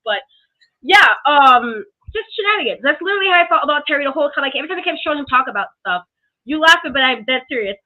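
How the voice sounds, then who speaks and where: A woman talks wrestling in an animated, sarcastic rant. Her voice sits high, and it comes through thin and tinny, like a video call. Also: rapid-fire. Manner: animated, ranting, sarcastic asides. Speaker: wrestling reviewer. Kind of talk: casual review chat. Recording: tinny phone-like call audio.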